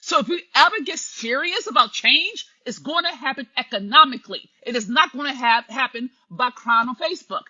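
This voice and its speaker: Woman commentator, preachy live-stream delivery, slightly husky tone. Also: sits high, animated, a little fast, few pauses, sharp tone. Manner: preachy, emphatic, addresses listeners directly. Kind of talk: impassioned live stream monologue. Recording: dull lo-fi live stream audio.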